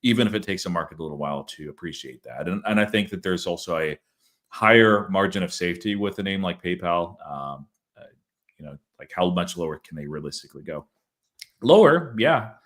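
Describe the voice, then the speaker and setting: A man with a deep, low voice hosts a casual stock discussion. He thinks out loud, padding his points with frequent fillers as he goes. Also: fairly quick. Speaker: channel host.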